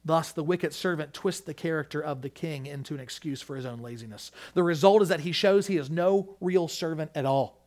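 A pastor delivers an emphatic sermon in a fairly high voice. He repeats his key lines and swings from loud, urgent peaks to quiet, hushed moments. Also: fairly quick, hardly any pauses.

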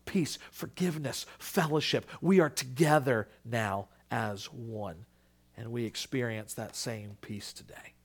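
A male pastor preaching a sermon, earnest, dropping to a hush and then rising to emphatic peaks, acting out the quoted voices. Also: medium pitch, a little slow, slightly rough.

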